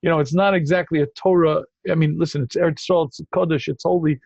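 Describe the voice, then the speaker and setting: A man with a high-set voice hosts a call-in Q&A as a rabbi. He talks emphatically and keeps cutting in with repeated phrases. The audio is dry and dull. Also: fairly even intonation, fast talker, creaky, a little mellow, breathy edge, no echo. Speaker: rabbi answering callers. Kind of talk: call-in Q&A talk.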